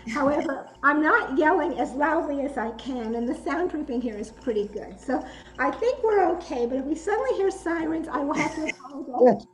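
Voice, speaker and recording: A woman instructor leading an online self-defense workshop, encouraging and giving clear commands. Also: sits high, animated, a little fast, reverberant, slight background noise, poor audio. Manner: encouraging, gives clear commands, laughs easily. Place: indoor room. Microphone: video call.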